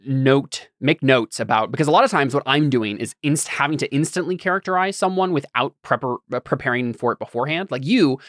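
A man's voice: mid-range voice, a bit bright, no echo, clean studio sound. Casual podcast host, a man thinking aloud. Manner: thinks aloud in long, loose explanations. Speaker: podcast host and game master.

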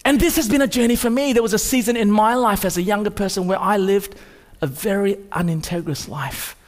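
High-voiced preacher in a reverberant hall. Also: male voice, a little fast. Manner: preaching with sudden rises and quiet drops. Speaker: pastor. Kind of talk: sermon. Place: church hall.

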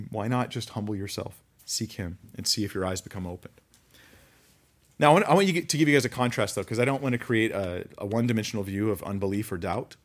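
A man preaching a conversational sermon, reading scripture aloud and commenting with animated asides. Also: fairly low pitch, a little fast. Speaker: pastor.

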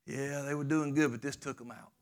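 A man preaching a sermon as pastor, emphatic and repetitive, swinging between loud urgent peaks and quiet low passages. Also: fairly even intonation, a little fast, clear, resonant tone.

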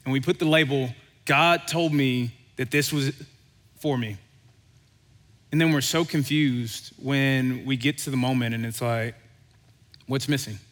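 Conversational preacher in a reverberant hall. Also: male voice, medium pitch, unhurried, long pauses. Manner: conversational, animated storytelling with quoted voices. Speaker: pastor. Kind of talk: sermon.

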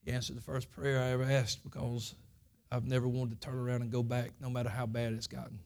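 A man's voice: mid-range voice, little pitch movement, fast, creaky, a little mellow. Earnest man preaching. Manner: folksy, earnest preaching with plain country grammar. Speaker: pastor. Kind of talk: Sunday school sermon with personal testimony.

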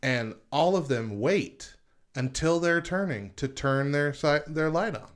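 Lively, laughing male podcast cohost. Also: fairly high pitch, unhurried. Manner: laughs a lot, lively, exasperated storytelling. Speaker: podcast co-host. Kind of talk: casual chat.

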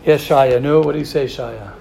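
Gravelly man teaching a Torah class. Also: mid-range voice, normal speed, slight background noise. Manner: animated, repetitive, rhetorical questions. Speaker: yeshiva teacher. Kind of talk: Torah class talk to students.

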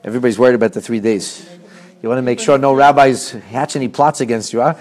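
A man in mid register leads a Torah class, his delivery animated and conversational. He throws rhetorical questions at the room and often stumbles, restarting and doubling words as his thoughts run ahead. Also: medium pitch, fast talker. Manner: frequent restarts and repeated words. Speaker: rabbi teaching a class.

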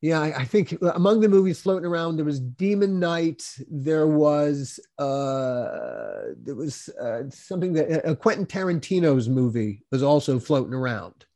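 An older man, a producer, reminiscing casually with many halting restarts. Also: a little high, big pitch swings, dark tone.

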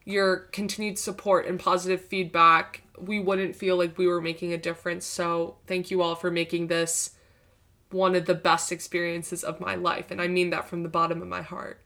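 A young woman co-hosting a podcast in casual chat, speaking warmly and effusively. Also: lowish voice, flat delivery, moderate pace. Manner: warm, effusive, heartfelt. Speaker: podcast co-host.

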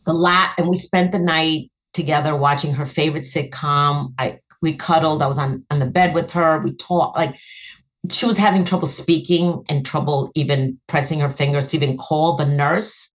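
A middle-aged woman, a guest and author, earnestly telling an emotional personal story, her voice jumping high when she relives moments. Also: fairly even intonation, normal speed.

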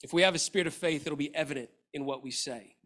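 A fervent male preacher with a high voice, delivering a sermon. He speaks with passion and drops his voice low and soft when he voices quoted lines. He sounds middle-aged. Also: fast. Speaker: pastor.

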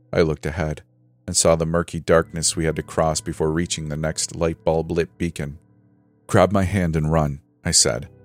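A man narrating a first-person scary story in a steady, measured, suspenseful way. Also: low-pitched.

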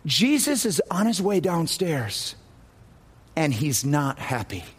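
A man preaching a sermon as pastor, telling a story dramatically and dropping to low, quiet tones for effect. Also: very animated, slow pace, slight background noise.

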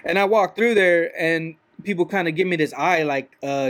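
A man's voice: fairly high pitch, a little fast, hardly any pauses, a bit bright. A man, a truck driver, talking in a rambling, casual monologue, often repeating "you know what I mean".

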